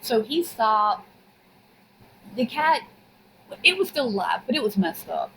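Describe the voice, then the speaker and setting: Young woman co-host, chatty storyteller, fairly high voice, lively and detailed. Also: unhurried, slight background noise, rough recording. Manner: detailed, animated storyteller who laughs often. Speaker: podcast co-host. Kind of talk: casual storytelling chat.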